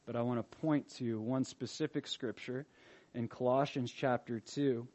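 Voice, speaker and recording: A male pastor preaching a sermon in an animated, emphatic way, swinging from loud to soft. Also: medium pitch, normal speed.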